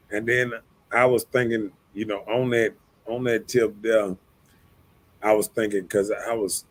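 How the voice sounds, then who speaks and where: With a fairly low, husky voice, a man runs a casual talk stream where he rambles, repeats himself, uses many fillers, and often asks "you know what I'm saying."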